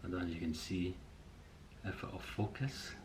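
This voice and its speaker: A man's voice: sits low, animated, moderate pace, noisy background. A man chatting casually in a vlog, friendly and rambling, showing items from a shopping haul at home. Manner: rambling and friendly, with hesitations and chuckles. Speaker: artist and eBay seller showing a shopping haul. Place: indoors at home.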